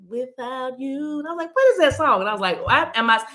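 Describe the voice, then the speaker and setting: A middle-aged woman hosts a live tarot reading in a casual, chatty way. Her voice is bright, fairly high, and swings widely in pitch. She laughs often and speaks directly to her viewers. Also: very fast. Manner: animated, laughing, talks straight to viewers. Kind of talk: casual livestream chat.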